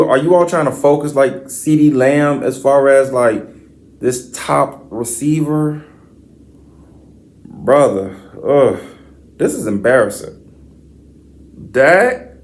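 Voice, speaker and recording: A man hosting a sports podcast, reading stats and then ranting with profane, slangy trash talk. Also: medium pitch. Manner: reads stat lines in a flat list. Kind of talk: sports commentary rant.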